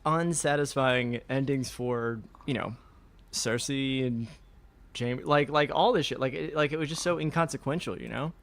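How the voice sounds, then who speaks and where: A man co-hosting a casual podcast chat, rambling and animated, acting out characters in quick asides. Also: medium pitch. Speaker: podcast co-host.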